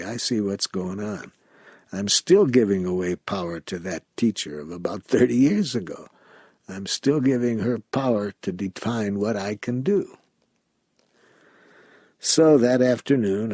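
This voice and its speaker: A man teaching a workshop, telling a personal story in an unhurried, reflective way and acting out the dialogue. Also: deep voice, a little mellow, husky, no echo, studio quality. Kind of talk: anecdotal storytelling talk.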